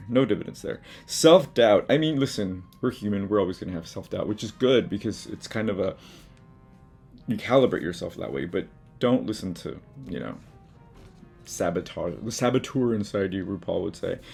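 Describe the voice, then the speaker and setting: A man with a low, husky, gravelly voice gives casual advice to his viewers from his art studio. He talks frankly, swears now and then, and mocks himself in asides. Soft music runs quietly underneath. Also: moderate pace. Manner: chatty, frank, self-mocking, with swearing and asides. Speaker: artist and video host. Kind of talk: casual motivational talk to camera.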